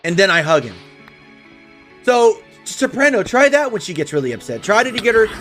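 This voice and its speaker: Lively, high-voiced streamer dad. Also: male voice, moderate pace, faint music behind. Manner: earnest, open, with frequent restarts and repetitions. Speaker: live streamer and father. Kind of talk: casual chat with viewers during a game stream.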